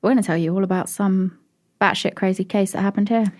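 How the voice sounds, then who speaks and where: A woman's voice: mid-range voice, fairly even intonation, fast talker, darkish tone. A British woman guesting on a podcast, chatting and teasing with frequent laughter. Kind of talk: casual podcast chat.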